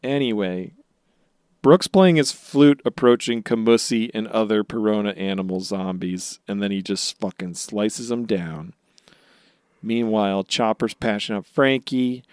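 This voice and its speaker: A man's voice: fairly low pitch, a little slow, a little mellow, clean tone, no room sound, studio quality. A man co-hosting a podcast, recapping episodes in casual chat and jokingly acting out characters' lines. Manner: jokey, acts out characters' lines mid-recap. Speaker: podcast co-host.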